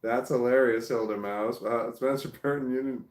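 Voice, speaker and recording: Reading through live comments on a casual livestream, this Southern man with a Southern American accent reacts in a stop-start, chuckling manner. His mid-range, darkish voice has fairly even intonation at normal speed, recorded in an echoey room.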